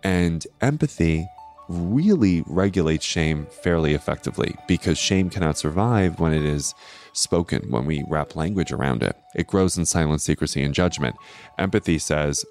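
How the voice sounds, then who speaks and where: Deep-voiced man explaining with earnest warmth. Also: moderate pace, faint music behind. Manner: earnest, explanatory, often ends points with "right?". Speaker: astrology host. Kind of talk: educational astrology talk.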